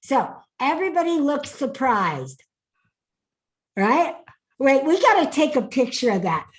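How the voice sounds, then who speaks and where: This woman's voice sits up high as she coaches a live online class over a video call. She is upbeat, laughs easily, and keeps calling on attendees by name. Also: big pitch swings, a little slow, low-quality recording. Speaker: speaking coach.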